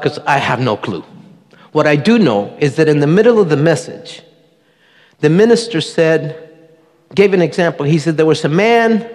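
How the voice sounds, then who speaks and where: Middle-aged man, church testimony, earnest storytelling, slightly high voice, long reverb of a hall. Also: a little mellow. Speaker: church member giving testimony. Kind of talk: personal testimony to a congregation. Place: church sanctuary.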